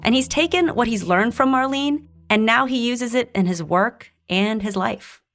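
A woman hosting a podcast, narrating scripted lines in a clear, conversational way. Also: a little high, normal speed, a bit bright, soft background music. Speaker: podcast host.

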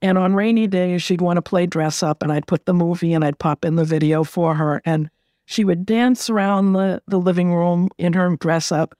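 Middle-aged woman, gentle reflective storytelling, repeats words, dry close sound. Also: lowish voice, steady tone, normal speed, dry recording. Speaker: interview guest. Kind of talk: heartfelt personal storytelling.

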